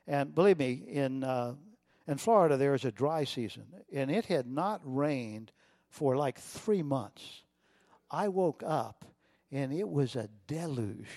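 Male pastor preaching, storytelling, gets quiet n emotional then loud again, dry close sound. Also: fairly high pitch, no room sound. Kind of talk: sermon.

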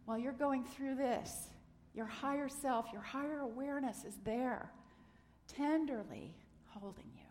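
A middle-aged woman giving a gentle, earnest sermon, sometimes dropping to a soft near-whisper. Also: high-pitched, fairly even intonation, normal speed, hardly any pauses. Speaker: minister. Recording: long hall reverb.

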